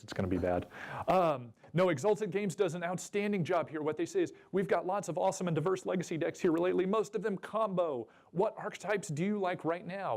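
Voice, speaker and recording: A man's voice: on the high side, darkish tone. Chatty man presenting to a room. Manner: chatty, jokey, asks the audience questions. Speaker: presenter at a convention seminar. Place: convention seminar room.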